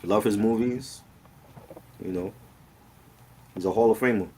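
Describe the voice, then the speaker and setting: A man's voice: fairly low pitch, a little slow, warm tone, slight background noise. A man co-hosting a casual live stream, chiming in with short, emphatic remarks. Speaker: co-host.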